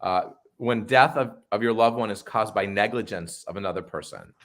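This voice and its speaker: Measured man interviewer. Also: fairly low pitch, fairly bright tone. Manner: slow, deliberate phrasing with brief restarts. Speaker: interviewer, rabbi.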